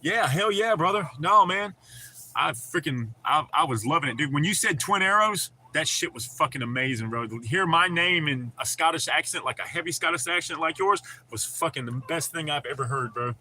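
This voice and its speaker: A man's voice: on the high side, expressive, normal speed, bright, forceful tone, slight background noise. A man hosting a livestream, chatting casually with viewers, laughing often and swearing freely. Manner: profane, laid-back, laughs often. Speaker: livestream host.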